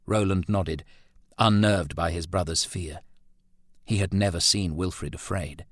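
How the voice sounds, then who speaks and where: A man reading a novel aloud as narrator in a measured storytelling manner. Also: low voice, no echo, clean studio sound. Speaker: audiobook narrator. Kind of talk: scripted narration.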